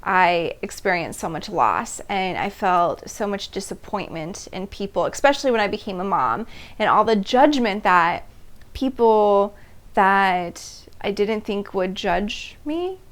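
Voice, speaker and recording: A woman in her thirties, speaking at medium pitch and a little slowly, hosts a personal storytelling monologue. Animated, she laughs between phrases while acting out the ways she used to react.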